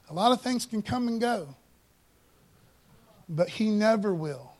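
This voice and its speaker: High-voiced man preaching casually. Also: animated. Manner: casual preaching, often says "man" and "you know"; reads scripture slowly and emphatically. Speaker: pastor. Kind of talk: sermon.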